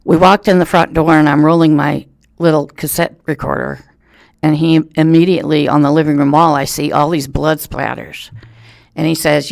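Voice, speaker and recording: A man, reading a local news story aloud in a steady storytelling way for a radio reading service. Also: on the high side, normal speed, gravelly, no echo. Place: thrift store.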